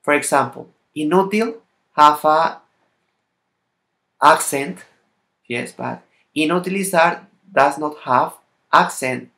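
A man with a Latin American Spanish accent, a native Spanish speaker, gives a language lesson in somewhat halting English and carefully sounds out example words one by one. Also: on the high side, creaky, sharp tone. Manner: slightly halting non-native English phrasing. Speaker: language teacher.

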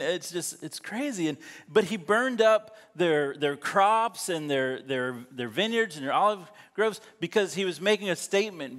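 Joking pastor in a reverberant church. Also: male voice, fairly high pitch, fairly bright tone. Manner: joking, laughing asides while reading scripture. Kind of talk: sermon. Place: church sanctuary. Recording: long hall reverb.

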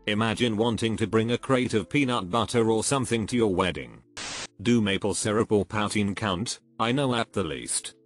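Guy w a low voice reading forum posts, even and plain, light music behind. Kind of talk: steady read-aloud narration. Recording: soft music underneath.

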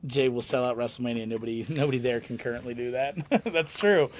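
A man's voice: medium pitch, brisk. A man hosting a live autograph signing stream in casual chat, laughing and joking often.

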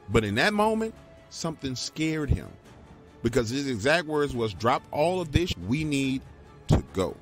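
Man, emphatic storyteller, true scary story, lively pitch, faint music underneath. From Louisiana, US. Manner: emphatic, animated, talks straight to the listener. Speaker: guest telling his own encounter.

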